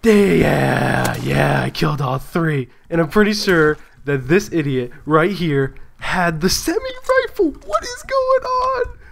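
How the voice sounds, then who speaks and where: A man hosting a gaming video, giving excitable live commentary on his own play, swearing, laughing and talking to himself. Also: on the high side, measured pace, vocal fry, few pauses.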